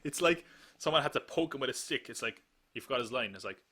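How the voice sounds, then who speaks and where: A man's voice: medium pitch, expressive, fast talker, sharp tone, no echo. A man hosting a live podcast in a casual chat, rambling and joking and laughing often. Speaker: podcast host.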